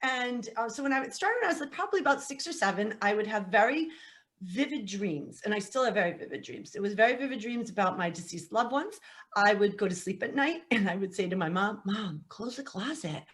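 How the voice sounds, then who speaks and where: Lively, animated woman telling her story. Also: medium pitch, fast. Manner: animated, laughing, acts out quotes. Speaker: psychic medium guest. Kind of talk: casual podcast storytelling.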